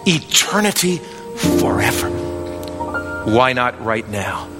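Guy preaching in a big echoey hall, gets loud and fervent then goes soft and gentle for the altar call. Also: medium pitch, sing-song, takes it slowly, over loud music. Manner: impassioned, rising to near shouts, then hushed and gentle in the appeal. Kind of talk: evangelistic sermon with altar call.

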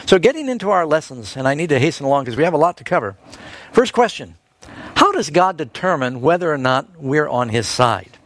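A man preaching a Bible lesson, telling a scripture story and quoting verses, lifting his pitch for emphasis. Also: sing-song, brisk, a bit bright, no room sound.

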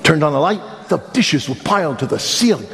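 A middle-aged male pastor preaching a sermon, telling a funny story in an animated, self-mocking way with sudden emphatic rises. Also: fairly high pitch, fairly quick. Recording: long hall reverb, faint background noise.

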